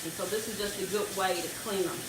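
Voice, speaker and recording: A woman's voice: mid-range voice, steady tone, fast talker. A woman talking through a recipe step by step in a casual cooking tutorial, filmed in a home kitchen. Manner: homey step-by-step instructions. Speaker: home cook demonstrating a recipe. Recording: echoey kitchen from a distant mic with background noise.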